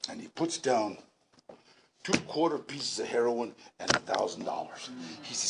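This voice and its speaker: A man in his sixties telling his story at a recovery meeting, animated and laughing, with shouted bursts. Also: lowish voice, normal speed, gravelly, noisy background. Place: large indoor meeting room.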